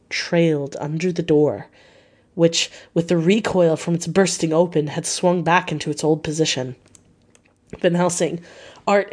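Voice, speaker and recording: Audiobook narrator, woman, somewhat low voice, measured dramatic reading. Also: darkish tone.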